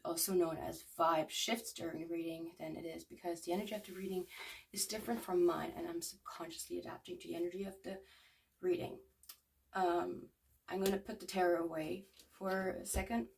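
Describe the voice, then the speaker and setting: Gravelly-voiced young woman reading tarot. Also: on the low side, level tone, normal speed, darkish tone, recorded from a distance. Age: 20s. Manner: rambling, with many fillers. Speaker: tarot card reader. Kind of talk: casual tarot reading for viewers.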